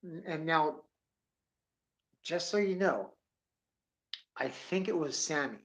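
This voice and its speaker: A man's voice: on the high side, slow pace, highs cut off. A man telling a rambling comic story, cursing constantly, tacking "dude" onto his lines and acting out noises along the way. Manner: profane, excitable, drawling with "dude"; acts out sound effects and voices.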